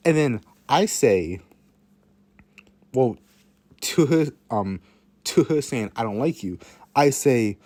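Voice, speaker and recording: A man's voice: medium pitch, animated, takes it slowly, long pauses, a little mellow. Man with a casual, rambling storytelling monologue, repeating lines and swearing.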